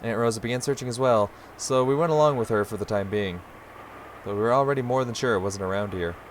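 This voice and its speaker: A young man streaming a story game, reading narration aloud and breaking into loud, profane reactions. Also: medium pitch, fast, slight background noise. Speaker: gaming streamer.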